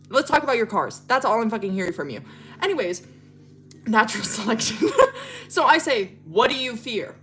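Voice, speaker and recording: A woman's voice: fairly high pitch, lively intonation, brisk, a bit bright. A young woman from Wyoming telling a dating story in a casual, profane storytime chat, with bursts of shrieking laughter. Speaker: streamer.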